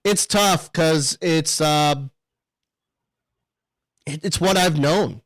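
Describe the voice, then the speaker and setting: Laid-back swearing podcast dad. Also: male voice, a little high, very slow, a bit bright, no echo. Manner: rambling, swears, laughs often. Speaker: podcast co-host. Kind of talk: casual chat.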